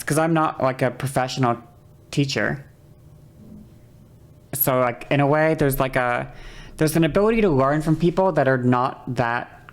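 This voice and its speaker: Low-voiced woman rambling apologetically. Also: vocal fry. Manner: rambling, apologetic, frequent restarts. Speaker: streamer. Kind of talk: casual livestream chat explaining voice technique.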